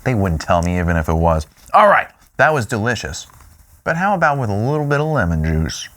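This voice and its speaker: A man tastes dishes on camera and reacts with playful, excitable enthusiasm. His voice is animated and lively, swinging widely in pitch, and he hums with delight between bites. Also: a little fast. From Louisiana, US. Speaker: food show host. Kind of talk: food tasting vlog.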